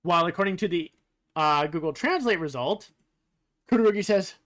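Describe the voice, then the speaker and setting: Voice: medium pitch, animated, fairly quick, a bit bright. A streamer giving casual game commentary, musing aloud with frequent fillers and the odd curse. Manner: casually profane.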